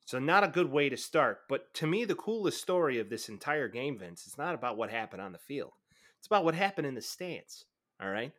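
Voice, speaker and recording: A young man co-hosting a sports podcast in easygoing chat. He rambles, circles back and leans on fillers. His voice sits in a middling pitch. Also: very animated, fairly quick, fairly bright tone. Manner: laid-back, rambling, heavy on fillers like "you know". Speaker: podcast co-host.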